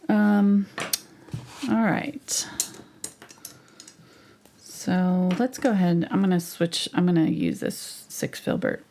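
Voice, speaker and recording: A woman teaching a live painting tutorial, chatty and thinking aloud as she works, sometimes dropping to a soft near-whisper. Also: lowish voice, creaky. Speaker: painting instructor.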